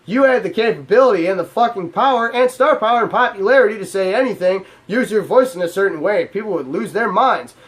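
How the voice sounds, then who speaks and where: High-voiced man ranting hotly. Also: fast, few pauses. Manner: heated, profane and exasperated. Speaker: channel host. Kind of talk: ranting vlog to camera.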